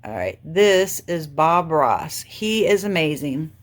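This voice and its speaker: Middle-aged female crafting host, slightly low voice, chatty and rambling, talks to her viewers while she works. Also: very animated, slow, a little hiss or hum. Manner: chatty and rambling, thinking aloud. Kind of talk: casual chat while diamond painting.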